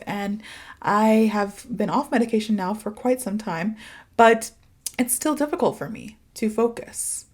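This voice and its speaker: A woman in her thirties hosts a casual podcast, talking at an easy middle pitch. She confides openly and loosely, filling her sentences with "like" and "you know". She speaks close to the mic. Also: darkish tone. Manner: candid, confiding, many fillers like "like" and "you know". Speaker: podcast host and English teacher.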